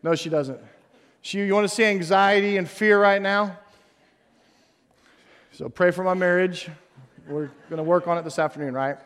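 Animated pastor with a high voice. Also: male voice, moderate pace, pauses often, in a large hall. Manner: animated, jokey, swings between loud emphasis and hushed tones. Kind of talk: sermon. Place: church stage before a congregation.

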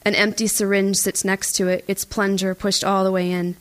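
A woman reading a first-person audiobook in a tense, even storytelling voice. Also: mid-range voice, moderate pace. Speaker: audiobook narrator. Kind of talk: first-person scripted narration.

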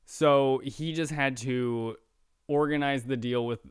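A man's voice: mid-range voice, steady tone, slow pace, clear, resonant tone, no room sound, clean studio sound. A young man co-hosting a casual podcast, chatting eagerly about a movie and explaining plot details. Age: young adult. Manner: eager, explains plot points, quotes characters in offhand voices. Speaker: podcast co-host. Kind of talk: casual movie review chat.

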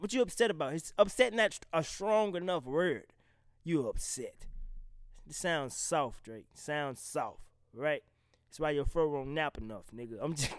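A fairly high-voiced man from the South rants in loose, profane commentary, cutting himself off and starting over. His voice comes through smooth and clear. The sound is close and dry, with no room echo. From American South. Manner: blunt, profane, animated, trails off and restarts. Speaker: vlogger reacting to rap beef. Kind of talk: casual unscripted commentary.

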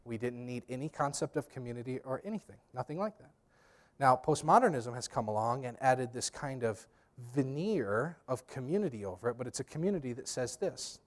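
A man's voice: medium pitch, animated, fairly quick. A man preaching a sermon as pastor. He speaks emphatically, addresses the congregation directly and drops in humorous storytelling asides.

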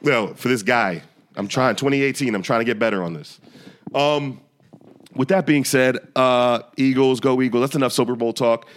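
A man's voice: medium pitch, normal speed. A man hosting a podcast in casual chat, joking and bantering with guests. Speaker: podcast host.

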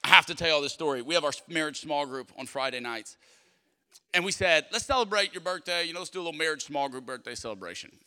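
Bright-voiced pastor in a reverberant hall. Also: male voice, fairly high pitch, fast, clear, resonant tone. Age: 30s. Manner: animated storyteller, acts out dialogue, playful asides to the congregation. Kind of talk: sermon with storytelling. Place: church sanctuary.

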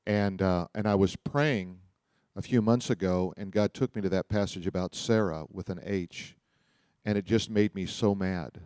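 A man's voice: on the low side, moderate pace, darkish tone, no echo, clean studio sound. A man preaching, telling personal stories in a loose, rambling way with frequent restarts. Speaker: pastor. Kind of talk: sermon storytelling.

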